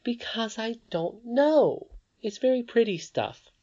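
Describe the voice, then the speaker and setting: A narrator voicing a young girl princess in a high, pleading, earnest way. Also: lively intonation, takes it slowly, mellow. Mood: puzzled. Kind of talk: audiobook character voice. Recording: slightly dull lo-fi recording.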